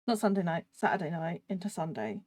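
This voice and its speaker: A woman hosting a casual podcast chat, easygoing and quick to laugh. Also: fairly low pitch, very animated, darkish tone, dry recording. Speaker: podcast host.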